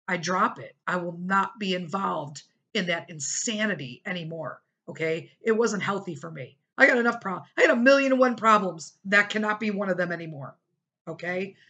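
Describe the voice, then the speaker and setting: A middle-aged woman hosting a podcast, telling a personal story casually and animatedly, acting out what other people said. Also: moderate pace. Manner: animated, acts out quoted people with big pitch jumps. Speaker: podcast host.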